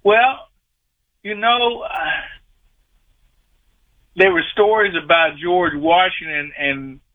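A man in his sixties phoning in to a talk radio show, his voice a little high for a man. He talks in a folksy, rambling way, and the sound is thin and tinny through a phone line. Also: slow. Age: 60s. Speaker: caller. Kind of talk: call-in radio chat.

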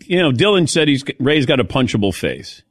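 A radio sports talk host spins chatty stories with a sarcastic bite on his casual show. His mid-range voice moves a little fast with big pitch swings, recorded at studio quality without echo.

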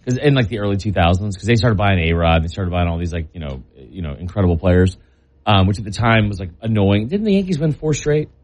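Rambling lower-voiced man talking sports. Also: quick pace. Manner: rambling, filler-heavy, animated; loud, excitable fan. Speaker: sports podcast co-host. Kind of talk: casual sports chat.

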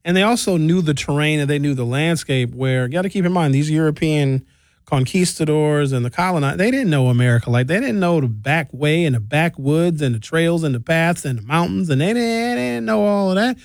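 A man hosting a call-in talk show, explaining things in an animated, jokey way. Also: on the high side, a little fast, no room sound, studio quality. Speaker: radio show host.

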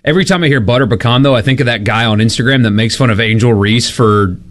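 Chatty laughing male co-host. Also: mid-range voice. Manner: animated storyteller, laughs often, quick asides. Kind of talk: casual chat.

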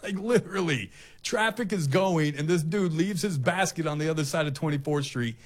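Middle-aged male talk host, animated storyteller who acts out the people in his story. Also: fairly high pitch, moderate pace. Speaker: radio host.

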